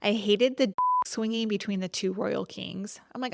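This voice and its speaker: A woman's voice: medium pitch, fairly even intonation, normal speed, vocal fry, no room sound, clean studio sound. A woman co-hosting a podcast, frankly giving her movie opinions in casual chat, with lots of filler words. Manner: chatty, frank, many "like" fillers. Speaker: podcast co-host.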